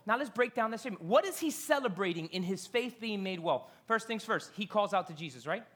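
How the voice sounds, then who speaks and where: A preacher delivering a sermon from a stage, telling the story in an animated way, full of rhetorical questions and casual slang. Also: mid-range voice, a little fast, hardly any pauses.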